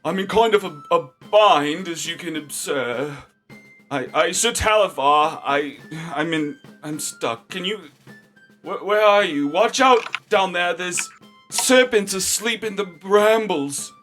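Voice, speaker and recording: A man's voice: sits high, slow pace, fairly bright tone, pitched above the performer's own voice. A flustered little dragon knight, put on by a man, whose voice sits far above a normal man's. He stammers and tumbles over his words, pleading breathlessly for rescue. Faint music plays behind him. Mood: anxious. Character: tiny male purple dragon knight, flustered.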